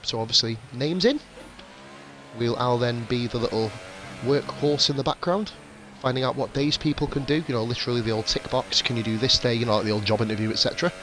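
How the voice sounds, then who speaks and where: A man's voice: mid-range voice, quick pace, fairly bright tone, a little hiss or hum. A chatty man hosting esports race commentary, nursing a nagging cough and swearing freely. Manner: chatty, swearing, self-mocking. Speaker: race commentator and stream host. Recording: racing game engines behind.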